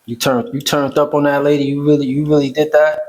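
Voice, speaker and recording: A man's voice: a little high, flat delivery, fast talker, darkish tone. A man hosting a casual interview, laid-back, teasing his guest with short interjections in street slang. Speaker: host.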